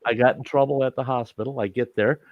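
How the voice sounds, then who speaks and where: A man casually telling a rough personal anecdote, acting out what people said. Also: medium pitch, fast, no room sound, narrow, tinny audio. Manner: animated anecdote with acted-out quotes. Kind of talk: casual storytelling.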